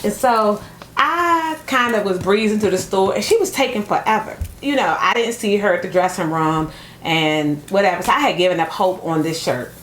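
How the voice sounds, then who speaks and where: A middle-aged woman chatting casually to camera about thrift finds, telling stories with animated energy and calling her viewers y'all. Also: mid-range voice, normal speed. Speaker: thrift vlogger. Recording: echoey room with faint noise.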